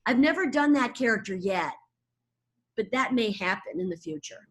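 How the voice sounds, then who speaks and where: Animated woman in her 60s, slightly high, playful guest chat. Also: normal speed. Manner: animated, laughing, slips into voices. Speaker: voice actor, guest. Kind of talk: casual interview chat.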